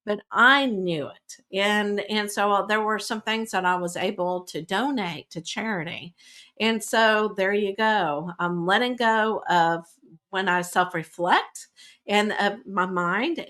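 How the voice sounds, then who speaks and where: A woman's voice: fairly high pitch, sharp tone. A woman speaking in a casual podcast, giving spiritual advice in a conversational way, often checking in with "all right?" and laughing lightly now and then. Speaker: spiritual teacher.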